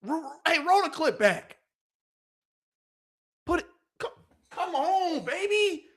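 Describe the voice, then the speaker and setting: A high-voiced man hosts a live football reaction stream, bursting with hype. His pitch swings wildly as he yells and laughs straight into a close mic. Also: slow pace. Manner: loud and excitable, yelling and laughing often. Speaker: sports reaction livestream host. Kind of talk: hyped live commentary on football clips. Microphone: close microphone he yells into.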